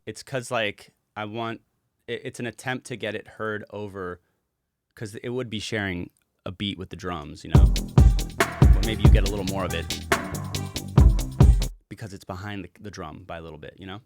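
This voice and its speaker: A man's voice: on the low side, fairly even intonation, moderate pace, long pauses. A man who is a music producer, walking through a project in a casual livestream, talking loosely and rambling with casual swearing.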